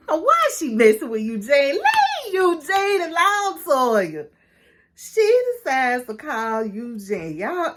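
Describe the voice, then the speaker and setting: A woman recapping a reality show in casual, gossipy talk, laughing often. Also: mid-range voice. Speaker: recap vlogger.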